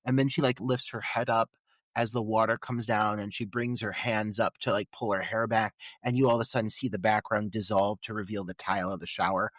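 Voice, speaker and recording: A man co-hosting a podcast, talking through a film in relaxed chat, full of filler words. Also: fairly low pitch, a little fast, no room sound, clean studio sound. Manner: conversational, many filler "like"s. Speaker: podcast co-host. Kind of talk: casual film discussion.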